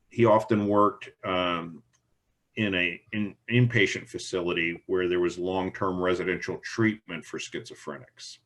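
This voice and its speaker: A middle-aged man, a Jungian analyst being interviewed, speaking in a slow, reflective way and recounting case stories. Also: low-pitched, fairly bright tone. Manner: slow, reflective, storytelling with quoted dialogue. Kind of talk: thoughtful interview conversation.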